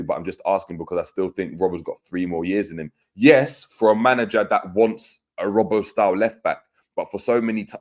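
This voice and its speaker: Deep-voiced man chatting football. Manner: conversational, many fillers and restarts, reads out comments. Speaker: football podcast host. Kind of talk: casual live-stream chat reading viewer comments.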